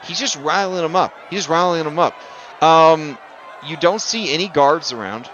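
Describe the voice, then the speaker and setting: A man's voice: mid-range voice, bright, forceful tone, a little hiss or hum. A man narrating a tabletop game as game master, rambling and joking with lots of fillers.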